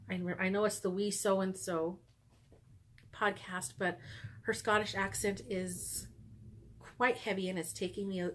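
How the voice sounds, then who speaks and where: A woman hosting her knitting podcast, chatting casually and upbeat from home with frequent ums and little laughs. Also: medium pitch. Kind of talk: casual knitting vlog chat.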